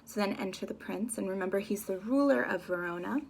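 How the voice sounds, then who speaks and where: A woman's voice: medium pitch, fairly quick, creaky, husky. A woman teacher explaining a play scene by scene in a casual, chatty way.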